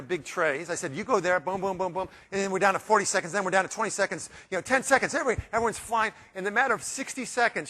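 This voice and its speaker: A man giving a live motivational keynote, playful and animated, acting out quoted voices as he works the room. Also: high-pitched. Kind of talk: live keynote speech with audience interaction. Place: large hotel conference room. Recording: long hall reverb in a big room.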